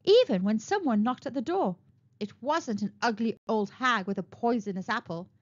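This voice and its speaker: Woman reading a children's book, high and lively voice, expressive storyteller. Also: normal speed, lo-fi sound. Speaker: storytime reader. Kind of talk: children's read-aloud narration.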